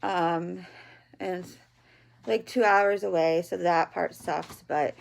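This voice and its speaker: A woman in her thirties records a personal video diary at home in bed. Her voice is gravelly with vocal fry, and she speaks slowly, haltingly and tearfully, with frequent ums and pauses. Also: on the low side, fairly even intonation. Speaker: vlogger, patient.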